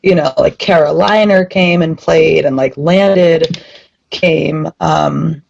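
Rambling woman with a gravelly voice. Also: low-pitched, slow pace, darkish tone, a little hiss or hum. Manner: rambling, many fillers, casual swearing. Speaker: band member guest. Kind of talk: casual podcast interview. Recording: muffled lo-fi sound.

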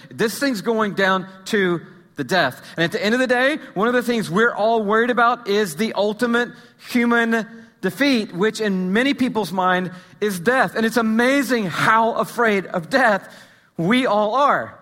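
A bright, slightly high male pastor preaches with animated storytelling and joking asides, at times sinking to a hushed intensity. His words ring out with the long reverb of a large church hall. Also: normal speed. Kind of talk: sermon. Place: church sanctuary.

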